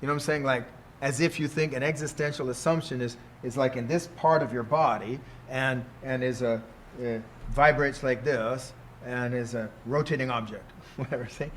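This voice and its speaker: A man's voice: mid-range voice, fairly even intonation, moderate pace, few pauses, a little hiss or hum. Older guy rambling thru a lesson, says "see?" a lot, chuckly. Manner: rambling, keeps asking "see?", chuckles often. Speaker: teacher. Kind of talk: casual teaching talk.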